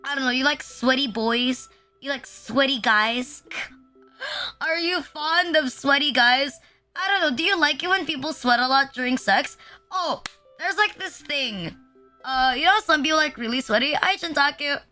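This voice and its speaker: A young woman, her voice high and bright, chatting on a live stream. She rambles and puts herself down, piling "like" into almost every phrase, while faint music plays behind her. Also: measured pace. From Philippines. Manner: rambling, filler-heavy, self-deprecating. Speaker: VTuber streamer. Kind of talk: casual live-stream chat.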